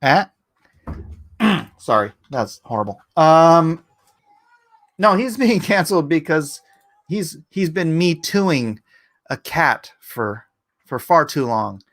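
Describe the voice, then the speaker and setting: A man's voice: a little high, big pitch swings, slow, pauses often, fairly bright tone. Rambling joking male stream host. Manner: rambling, joking, breaks into goofy cartoon impressions. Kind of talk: casual live-stream commentary.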